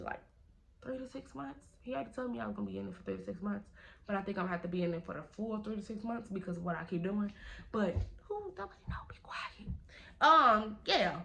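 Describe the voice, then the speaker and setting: A young woman, telling a casual storytime vlog in an animated, slangy way, acting out the quotes. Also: medium pitch, quick pace, gravelly, slight background noise. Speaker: vlogger.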